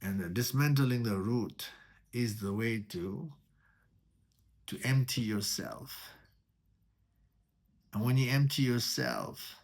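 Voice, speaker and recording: A man teaching meditation in a spiritual talk. He speaks deliberately, repeats key words, and poses rhetorical questions. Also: medium pitch, a little mellow.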